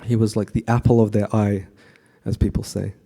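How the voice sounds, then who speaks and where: A man giving a conversational devotional class to a temple audience, often asking the audience questions and pausing with fillers. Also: fairly low pitch, vocal fry. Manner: frequent fillers and restarts, relaxed.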